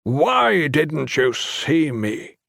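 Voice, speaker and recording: A male narrator voicing a stern, cryptic older monk who lectures his pupil through slow, probing questions. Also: on the high side, sing-song, vocal fry, fairly bright tone, no echo, studio quality, voice pushed up, heavily acted. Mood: stern lecturing.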